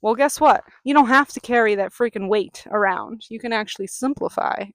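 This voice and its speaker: A woman who hosts a spiritual vlog, speaking outdoors in a calm, soothing way with bursts of mock panic. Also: on the high side, moderate pace, dry recording, clean studio sound. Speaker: spiritual guide and channeler. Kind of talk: casual spiritual talk to camera.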